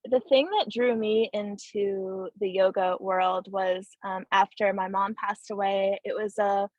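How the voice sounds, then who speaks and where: Soft-spoken reflective woman guest. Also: medium pitch, steady tone, unhurried, dry recording, lo-fi sound. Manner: soft, thoughtful, hesitant with ums. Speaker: podcast guest. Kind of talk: reflective personal sharing.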